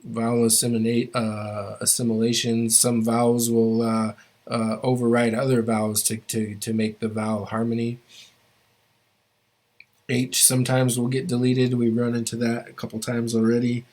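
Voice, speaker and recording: A man's voice: medium pitch, flat delivery, normal speed, a little mellow. A man teaching a language class, explaining grammar rules step by step and often stopping to restart his phrases.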